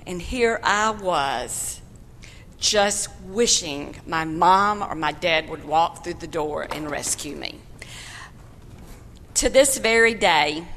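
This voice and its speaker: A woman's voice: on the low side, a bit bright, slight background noise. An older woman, earnestly telling a personal testimony to a church congregation in folksy phrases. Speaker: church member giving testimony. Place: church sanctuary. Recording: long hall reverb of a church.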